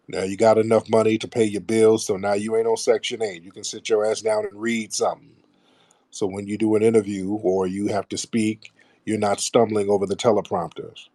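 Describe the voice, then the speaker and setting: A man's voice: on the low side, warm tone, dry recording. A middle-aged man hosting a radio show, talking bluntly and profanely to his listeners in a casual monologue. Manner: mocks others in put-on voices.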